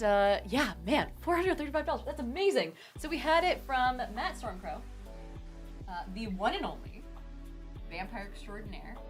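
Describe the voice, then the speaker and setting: Bubbly, excitable woman streamer. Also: fairly high pitch. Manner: bubbly, excitable, gushing thanks. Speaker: streamer hosting a charity stream. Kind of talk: casual live-stream chat reading donations. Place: home room at her computer. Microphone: desktop streaming mic.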